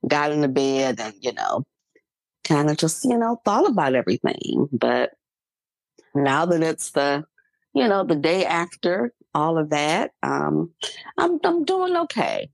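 A woman's voice: low voice, animated, measured pace, gravelly, dry recording. A middle-aged woman co-hosting a podcast, telling a personal story in casual chat with fillers and laughs. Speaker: podcast co-host.

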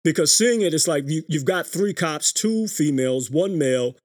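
Animated man hosting a podcast. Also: a little high, moderate pace, no echo, clean studio sound. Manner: animated storytelling with frequent restarts. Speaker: podcast host. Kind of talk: casual live-stream monologue.

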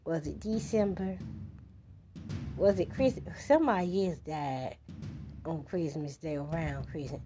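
Low slow woman hosting a podcast, slangy and cussing, music going underneath. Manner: loose, slangy, swears freely. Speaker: podcast host. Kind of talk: casual podcast chat. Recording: music playing behind the voice.

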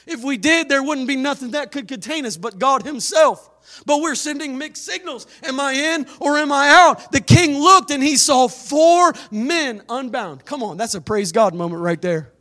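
A man's voice: extremely high pitch, normal speed, sharp tone. A man preaching a sermon in an emphatic, exhorting way, with dramatic bursts. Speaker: pastor.

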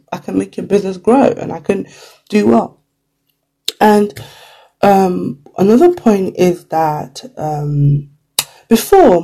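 Speaking at a medium pitch, this laid-back vlogger chats to camera about career advice. The voice has a gravelly huskiness and a dark, mellow feel, peppered with "like" and "you know" plus brief quotes acted out on the fly.

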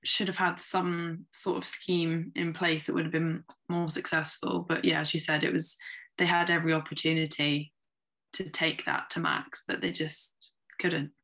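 Brief: woman, low voice, co-host, thinks out loud. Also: flat delivery, moderate pace. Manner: thoughtful, reasoning aloud with many "like" fillers. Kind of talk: casual chat.

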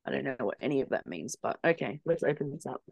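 A woman hosting a casual snack taste test, playful and quick to exclaim. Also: very deep voice, very animated, gravelly, husky, no room sound. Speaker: channel host. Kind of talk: casual chat.

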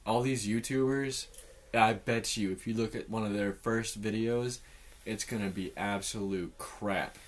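A man's voice: on the low side, fairly even intonation, measured pace. A man from Richmond, Virginia, a podcast guest and YouTuber, chatting in an easygoing, earnest way. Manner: easygoing, short agreements, earnest when making a point. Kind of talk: casual chat.

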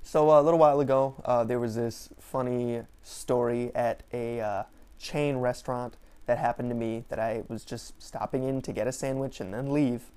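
A man's voice: mid-range voice, fairly even intonation, moderate pace, darkish tone, clear, resonant tone. A man hosting a podcast, telling stories in a chatty, rambling way with lots of fillers and restarts. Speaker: podcast host. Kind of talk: casual storytelling monologue. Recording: distant mic with faint background noise.

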